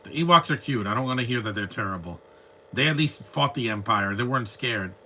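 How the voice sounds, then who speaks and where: Bright-voiced man ranting at the screen. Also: medium pitch, lively intonation, brisk, a little hiss or hum. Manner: talks back to the screen, sarcastic and joking. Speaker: live streamer reacting to fan films. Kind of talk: casual reaction commentary.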